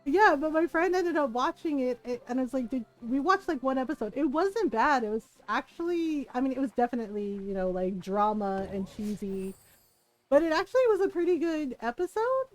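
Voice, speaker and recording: A woman's voice: high-pitched, expressive, a little fast, poor audio. A woman livestreamer chatting casually while gaming, rambling through stories with many fillers and frequent laughter.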